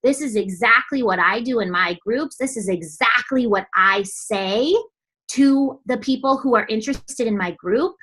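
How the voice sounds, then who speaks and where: In a slightly high, slightly rough voice, a young woman coach gives her team a blunt, energetic motivational talk. She curses often and briefly mimics others along the way.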